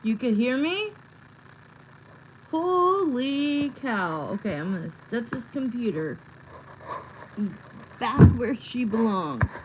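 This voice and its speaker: A woman's voice: a little high, noisy background. A woman hosting a tarot livestream, chatting casually and rambling with lots of fillers, recorded on a phone. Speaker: tarot reader livestream host.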